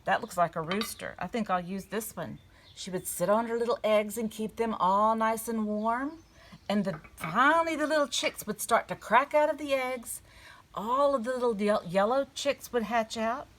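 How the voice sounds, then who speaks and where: A woman giving a gentle storytelling lesson to young children at a table. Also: a little high, normal speed. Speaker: children's church teacher. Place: indoors at a table.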